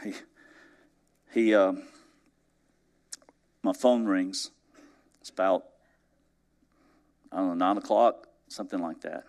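Male pastor, lowish voice, folksy storytelling sermon, chuckles often, drops to near-hush for emphasis. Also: steady tone, takes it slowly, long pauses. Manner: conversational, swinging between emphatic rises and soft, hushed drops; chuckles through his stories.

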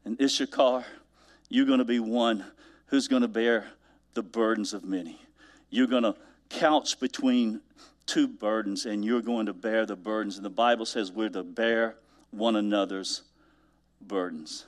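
A male pastor preaching a sermon, animated, swinging between loud emphasis and hushed asides. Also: on the low side, a little slow.

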